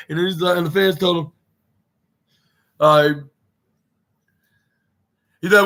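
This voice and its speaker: A man hosts a casual wrestling recap podcast. His voice sits a bit high and sounds bright and forward. He rambles with lots of fillers and false starts, and often slips into acting out what the wrestlers said. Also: moderate pace, long pauses. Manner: rambling, many fillers and restarts, acts out quotes. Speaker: podcast host.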